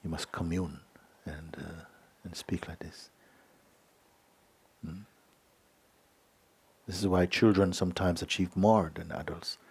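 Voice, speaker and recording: Low, husky-voiced man giving a gentle spiritual talk. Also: steady tone. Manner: gentle and unhurried, often asks "you see?" and "hmm?"; drops to a soft whisper at times. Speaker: spiritual teacher. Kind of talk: satsang talk answering a letter.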